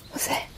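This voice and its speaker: Outdoors in a garden, a woman films her cat, cooing and teasing him with affectionate baby talk. Her voice is a bit bright, and there's a little hiss or hum in the recording.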